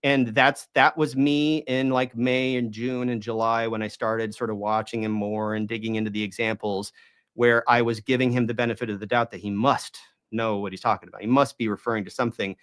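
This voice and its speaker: Man talking in halting restarts. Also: medium pitch, little pitch movement, fairly bright tone, clean tone. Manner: talks in halting restarts and hedges, often asks rhetorical questions. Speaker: guest. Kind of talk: conversational interview.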